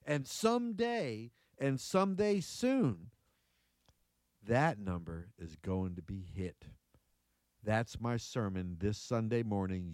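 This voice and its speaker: A man's voice: medium pitch, clean tone, no room sound. A male pastor making a direct, inviting announcement about his coming sermon. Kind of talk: spoken church announcement.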